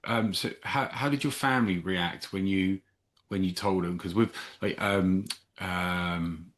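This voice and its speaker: Low-voiced host, gentle questions. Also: male voice, a little slow. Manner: supportive, hesitant questioning with many restarts. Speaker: podcast host. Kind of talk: interview.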